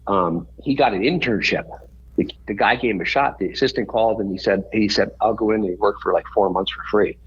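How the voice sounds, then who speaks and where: A man's voice: lowish voice, fairly quick, slightly rough, muffled recording. A man, a podcast guest, telling a story in a rambling way and often correcting himself mid-sentence.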